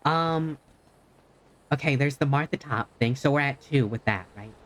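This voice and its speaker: A speaker chatting in character as a lawyer in an improvised roleplay, with dry, deadpan teasing. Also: medium pitch, moderate pace.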